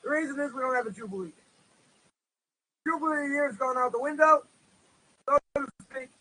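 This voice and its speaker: Recorded roughly, this man speaks in an extremely high pitch, quick, pushed and bright. He's a rabbi teaching a religious course in Israel, giving an informal lecture peppered with "you know" and telling stories while acting out the characters' voices.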